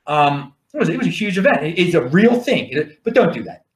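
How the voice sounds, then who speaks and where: A podcast host with a Baltimore accent talks in a casual, rambling monologue full of restarts and jokey asides. His voice sits a little high and swings up and down a lot. The room around him sounds roomy and echoey. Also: big pitch swings, moderate pace.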